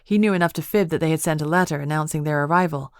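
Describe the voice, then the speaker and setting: A woman with a low voice narrates a cozy mystery audiobook. She keeps a measured, even storytelling pace. The sound is dry and close, with no room in it. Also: clear, resonant tone, no echo. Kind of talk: scripted narration.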